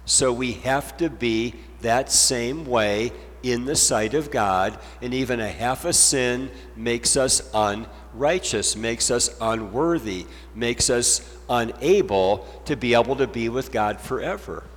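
A pastor delivers his sermon in a slow, measured cadence. He leans on repetition to drive each point home. His voice rings out with a long reverb, as if in a church hall. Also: mid-range voice. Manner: slow, deliberate preaching with emphatic repetition.

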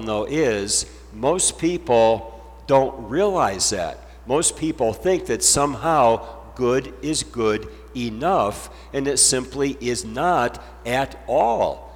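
A pastor delivers his sermon in a slow, measured cadence. He leans on repetition to drive each point home. His voice rings out with a long reverb, as if in a church hall. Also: medium pitch. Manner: slow, deliberate preaching with emphatic repetition.

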